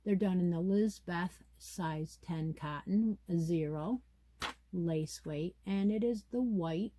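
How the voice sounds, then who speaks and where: A woman's voice: fairly low pitch, slow pace, warm tone. A woman hosting a casual yarn chat, reading pattern details aloud and musing to herself as she goes. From United States. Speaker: crochet channel host.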